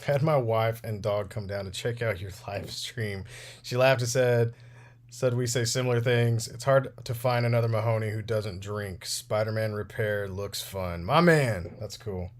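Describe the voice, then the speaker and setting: A man's voice: on the low side, moderate pace. A man in his thirties casually chatting as he repairs action figures on a livestream, rambling and laughing often. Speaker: toy repair livestream host. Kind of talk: casual livestream chat while working.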